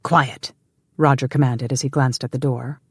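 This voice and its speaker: Woman narrator, deep voice, measured, dry close recording, audiobook. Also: level tone, darkish tone, breathy edge, no room sound. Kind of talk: scripted narration.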